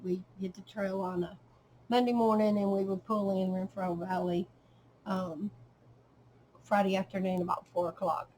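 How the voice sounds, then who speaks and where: A middle-aged woman showing a handmade journal in casual show-and-tell narration, at an unhurried pace with frequent ums and trailing pauses, at home. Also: medium pitch, fairly even intonation, a little mellow, slight background noise, low-quality recording.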